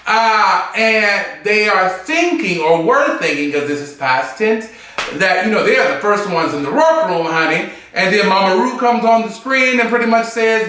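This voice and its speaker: Seated on a stool in a room, a high-voiced man speaking at normal speed reviews a drag competition episode in a casual chat. He's campy, sassy and animated, full of asides and mimicry. The sound is very echoey and the mic distant.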